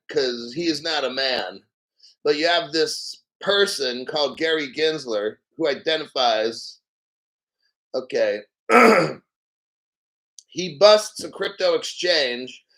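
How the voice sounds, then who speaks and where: A man's voice: fairly high pitch, a bit bright. A man hosting a live stream, ranting in disbelief with frequent laughter and swearing. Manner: incredulous, laughs often, swears. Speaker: livestream host. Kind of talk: live commentary rant.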